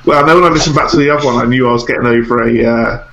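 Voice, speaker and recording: A man's voice: mid-range voice, steady tone, rapid-fire, fairly bright tone, highs cut off. A man with a slightly blocked-up, nasal voice chatting easily on a podcast. His mic picks up a noticeable room echo. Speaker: podcast co-host. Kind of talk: casual chat. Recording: echoey room.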